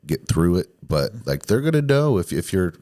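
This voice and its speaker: A man's voice: deep voice, sing-song, moderate pace, dark tone. A man in casual podcast chat, easygoing and agreeable, who works in sales.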